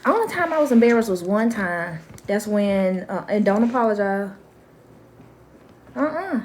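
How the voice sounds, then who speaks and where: A woman's voice: mid-range voice, very animated, normal speed, a little mellow, slight background noise. A middle-aged grandmother hosting a casual parenting live stream from home. She talks bluntly and chattily and keeps breaking off to talk to her grandson.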